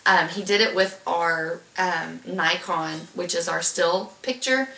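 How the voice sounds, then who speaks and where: A woman's voice: lowish voice, slow, vocal fry, sharp tone, echoey room, distant mic. A young woman casually telling a long personal story, rambling with lots of fillers and restarts. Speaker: vlogger telling her birth story.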